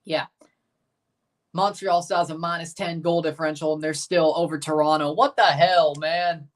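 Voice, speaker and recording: A man's voice: fairly high pitch, steady tone, normal speed. A man hosting a livestream watchalong, chatting casually, reading viewers' comments aloud and reacting to a soccer match with sarcastic asides.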